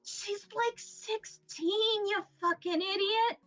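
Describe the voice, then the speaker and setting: A woman's voice: sits high, animated, slow pace. A woman voicing an exasperated old grandfather who scolds the people he is guiding. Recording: dull lo-fi, faint music, from off mic.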